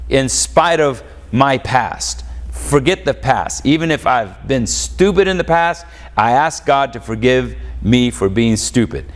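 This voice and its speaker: Slow-preaching man in an echoing church. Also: mid-range voice. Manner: call-and-response preaching, rhetorical questions. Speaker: pastor. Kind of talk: sermon. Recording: long church reverb.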